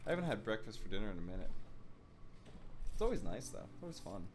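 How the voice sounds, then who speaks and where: Male streamer, casual gaming chat, punch-drunk tired, sarcastic, a bit foul-mouthed, very animated delivery. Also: fairly low pitch, quick pace, noisy background. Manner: playful, sarcastic, swears freely. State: exhausted and loopy. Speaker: live streamer.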